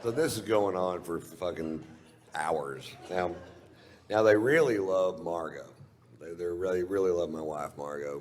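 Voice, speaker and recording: Low-voiced guy doing laid back cussing stand-up, faint room ambience, big reverb. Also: a little hiss or hum. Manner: drawling, profane, laid-back storytelling. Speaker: stand-up comedian. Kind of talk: stand-up storytelling. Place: live comedy stage.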